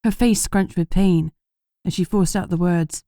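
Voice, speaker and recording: Female audiobook narrator, steady and measured, with a dark, mellow tone and a dry, close sound. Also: lowish voice, dry recording. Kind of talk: scripted first-person narration.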